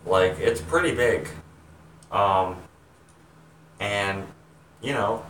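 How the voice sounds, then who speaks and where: Rambling young man, deep voice, echoey room. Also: a bit bright, far from the mic, a little hiss or hum. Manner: halting, many ums and restarts. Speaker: vlogger, home haunt maker. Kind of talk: rambling casual chat to viewers.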